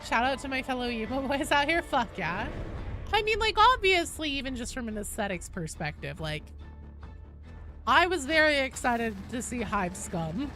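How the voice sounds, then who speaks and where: A woman's voice: high voice, very animated, moderate pace, bright, forceful tone. A woman game streamer chatting casually with her viewers while playing, swearing freely and greeting people in chat. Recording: game music playing behind the voice.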